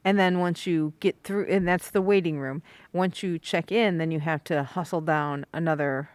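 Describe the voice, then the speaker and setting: A woman's voice: fairly low pitch, steady tone, no room sound. Woman co-host in a dry, close room. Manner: reactive, quick to laugh. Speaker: podcast co-host. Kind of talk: casual chat.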